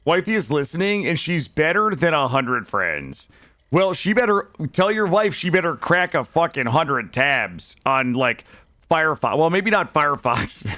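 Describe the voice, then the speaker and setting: A man's voice: on the high side, very animated, normal speed, pushed and bright. A man from Vermont chatting casually with his live-stream chat while he plays, joking and swearing freely. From Vermont, USA. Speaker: gaming streamer.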